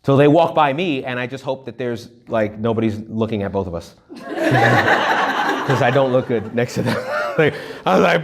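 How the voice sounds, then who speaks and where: A man speaks at a medium pitch to a retreat audience in a loose, joking style. He throws in quick acted-out voices and asides, and keeps the talk moving with humor. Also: vocal fry, background noise. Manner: jokey, animated, acts out little quoted voices. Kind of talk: humorous conference talk to young adults.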